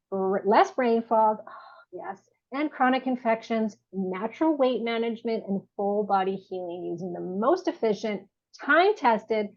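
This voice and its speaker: A woman hosting an interview podcast, chatty and bubbly, who laughs easily. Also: medium pitch. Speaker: podcast host. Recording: dull backup microphone.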